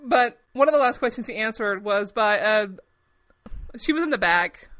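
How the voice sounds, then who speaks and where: A young woman co-hosting a podcast in casual chat, her voice pitched a little high and bright. She rambles animatedly through stories and swears freely. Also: lively intonation, moderate pace. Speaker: podcast co-host.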